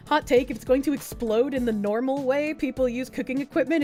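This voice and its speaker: A woman streamer with a high voice reacts to an article in casual, sarcastic chatter. She swears freely and darts off into quick asides. Faint music runs behind her.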